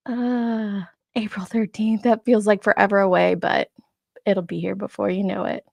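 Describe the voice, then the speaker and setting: A woman's voice: mid-range voice, flat delivery, normal speed, gravelly, no room sound. A woman in her forties hosting a casual live stream, chatting and laughing as she greets viewers by name. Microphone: streaming setup microphone.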